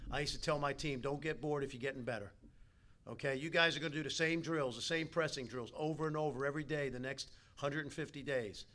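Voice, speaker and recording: A man giving a motivational keynote at a team dinner, telling stories and talking straight to the players. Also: medium pitch. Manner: animated storyteller, talks straight to the players. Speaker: keynote speaker. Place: banquet hall.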